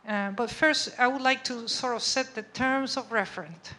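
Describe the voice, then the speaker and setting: She lectures at a moderate pace with a sharp tone and a voice on the high side, while a little hiss or hum runs underneath. Conversational throughout, she checks her audience's understanding with frequent "okay?" and "right?" in the lecture room.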